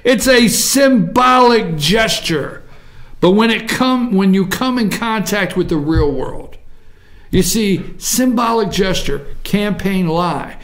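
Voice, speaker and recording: A high-voiced man hosts a political commentary show. He is combative and repetitive, and often slows down to stretch words out in mockery. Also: animated, fairly bright tone. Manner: combative, repetitive, drawn-out mocking emphasis. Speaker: talk show host.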